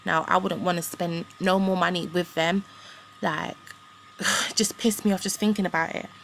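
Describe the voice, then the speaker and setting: A young woman rants to camera in a low, gravelly voice. She talks bluntly and swears freely as she tells a vlog story, with a slight roughness that stays under everything she says. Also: steady tone, normal speed, fairly bright tone, a little hiss or hum. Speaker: vlogger. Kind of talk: angry storytime rant.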